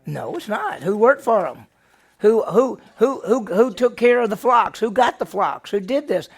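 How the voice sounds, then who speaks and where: A male pastor leads a Bible lesson with a somewhat high voice and a noticeable gravelly texture. He retells the story with energy and keeps the class involved through rhetorical questions. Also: animated, unhurried.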